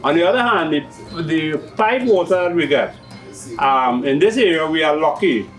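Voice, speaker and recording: A man's voice: fairly high pitch, lively intonation, moderate pace, far from the mic, soft background music, low-quality recording. A middle-aged man with a Trinidadian accent, patiently explaining how his hydroponic systems work on a farming TV show. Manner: explanatory, patient, uses local turns of phrase. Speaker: hydroponics shop owner.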